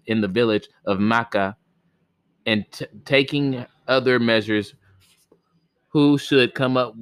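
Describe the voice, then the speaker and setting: A man's voice: mid-range voice, fairly bright tone, no echo. A man reading a folk tale aloud for a podcast, plain in delivery, often stumbling and restarting words. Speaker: podcast storyteller.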